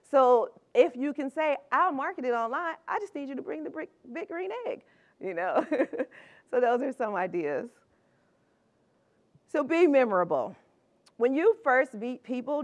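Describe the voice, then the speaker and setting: A middle-aged woman giving a chatty, upbeat conference talk, laughing often between her points. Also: on the high side. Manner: upbeat, conversational. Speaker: conference speaker.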